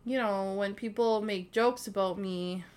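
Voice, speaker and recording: A woman's voice: mid-range voice, fairly even intonation, a little slow, a little mellow. A young woman hosting a solo podcast, rambling casually with lots of filler words and the odd swear. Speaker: podcast host.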